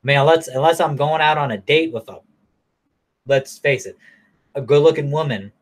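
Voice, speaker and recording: A man ranting casually to camera in a blunt, profane, rambling way, now and then mocking people in a high falsetto. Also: normal speed. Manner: mocks others in high falsetto. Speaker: vlogger.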